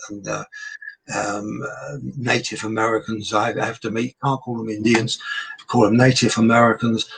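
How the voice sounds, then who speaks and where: An older English entertainer, a veteran appearing as a guest, shares showbiz anecdotes in a chatty interview, animatedly performing the voices of those he quotes. His mid-range voice is husky with vocal fry, and the recording quality is low.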